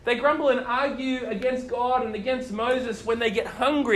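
Male preacher, high voice, lively storyteller. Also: normal speed, hardly any pauses. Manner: animated storytelling, asks the listeners questions. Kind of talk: sermon.

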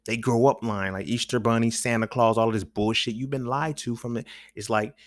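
A man's voice: mid-range voice, fairly even intonation, normal speed, dry recording. A man hosting a podcast, talking in a loose, rambling, profane monologue full of slang, often asking "you feel me". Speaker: podcast host. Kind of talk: casual monologue.

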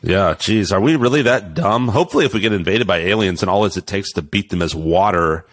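Chill low-voiced guy hosting a podcast, lots of ups and downs in his voice, cursing and laughing. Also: animated, brisk, fairly bright tone, slight background noise. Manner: laid-back, laughs often, swears casually. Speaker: podcast host. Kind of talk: casual podcast chat.

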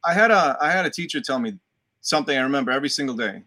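Boston guy, accent mostly smoothed out, bright voice, middle pitch, animated and a bit foul-mouthed. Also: racing. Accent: Boston, softened. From Dorchester, Boston. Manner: animated storyteller, swears freely. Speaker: guest actor. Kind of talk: casual podcast chat.

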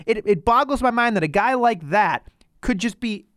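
A podcast co-host in casual wrestling chat, talking in a fast, animated, exasperated way. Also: medium pitch, no room sound, clean studio sound.

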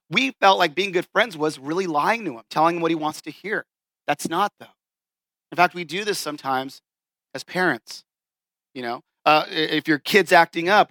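A man's voice: high voice, brisk, bright, forceful tone, dry recording. A man in his forties giving a casual, story-driven sermon in a church, acting out the people he quotes. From Southern California. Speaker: pastor.

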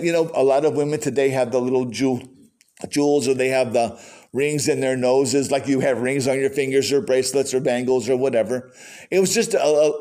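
A man preaching a sermon as pastor, folksy and animated, with conversational asides. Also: a little high.

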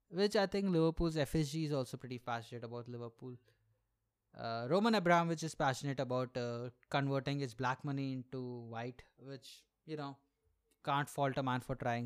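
Profane rambling podcast host. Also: male voice, medium pitch, clear, resonant tone. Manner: rambling, profane, lots of fillers. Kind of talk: casual solo podcast rant.

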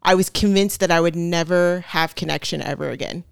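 A woman's voice: on the low side, fairly quick, creaky, smooth, no room sound. A woman chatting as a podcast guest, telling a personal story in a chatty way with many fillers and frequent laughs. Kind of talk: casual storytelling chat.

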